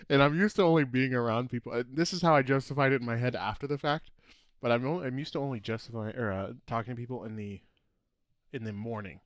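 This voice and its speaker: A man's voice: mid-range voice, quick pace, dry recording. Male podcast co-host, casual rambling storyteller, laughs through his own stories, dry close sound. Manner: rambling storyteller, laughs often, trails off mid-sentence. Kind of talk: casual chat.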